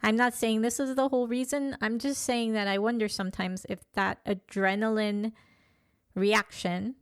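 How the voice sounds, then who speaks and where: A woman in her fifties speaks candidly in a personal monologue, often pausing and restarting as she gathers her thoughts. Her voice is smooth and resonant, and it sits at a middling pitch. The sound is dry and close, with no room echo. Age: 50s. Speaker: vlogger.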